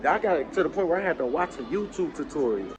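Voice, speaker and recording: A man vlogging a casual storytime rant, animated and swearing heavily, with loud angry outbursts. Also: on the high side, fast talker, over music.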